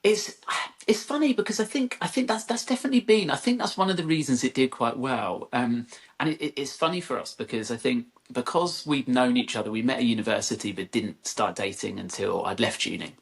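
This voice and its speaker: A man's voice: mid-range voice, lively intonation, a little fast, vocal fry. A young man, a guest on an interview podcast, telling stories in a chatty way with lots of fillers and restarts. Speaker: podcast guest, social media influencer. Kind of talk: casual interview chat.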